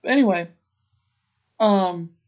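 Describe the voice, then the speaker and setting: A podcast host with a mid-range voice speaks slowly while casually recapping a TV episode, throwing in chatty, opinionated asides. He retells the scenes and briefly voices the characters' lines, all in lo-fi sound.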